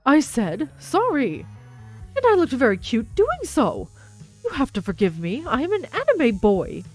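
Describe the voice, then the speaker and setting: A goofy teenage boy TV personality with stiff, mock-formal speech, read aloud by a woman. The voice sits a little on the high side. Faint game music plays underneath. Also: wildly swooping pitch, measured pace, exaggerated voice, low-quality recording. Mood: cheeky.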